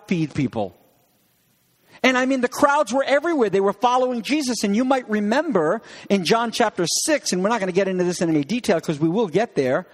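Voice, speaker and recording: A man's voice: sits high, big-room sound. A man preaching a sermon as pastor, in a conversational way with frequent restarts, acting out lines of dialogue.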